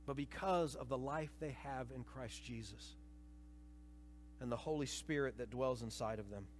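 A man preaching a sermon to a church congregation, dramatic, swinging between hushed and loud passages and acting out voices. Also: mid-range voice, normal speed, slight background noise. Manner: acts out quoted voices. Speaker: pastor. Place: church sanctuary. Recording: reverberant church hall.

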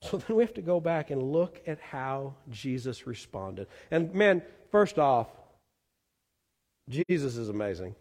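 A male pastor preaching a sermon earnestly, rising loud for emphasis and falling quiet. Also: medium pitch, big pitch swings, unhurried. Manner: earnest, swells loud then drops quiet. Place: church sanctuary. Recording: long reverb in a church hall.

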